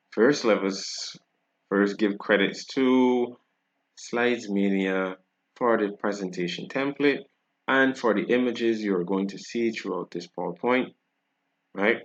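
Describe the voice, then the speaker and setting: A man with a Barbadian accent teaches a French pronunciation lesson, staying casual and patient and often checking in with tag questions. His voice is fairly low, and the audio sounds dull.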